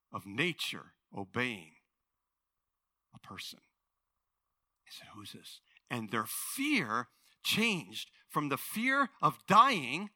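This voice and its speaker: A male pastor preaching a sermon, telling a story with animated voices and swinging from hushed to loud. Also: sits high, no echo.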